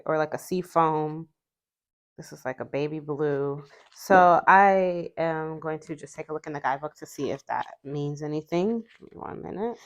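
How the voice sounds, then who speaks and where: Woman host, casual deck-review chatter, slightly low voice, reads card words aloud. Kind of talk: casual unboxing chat.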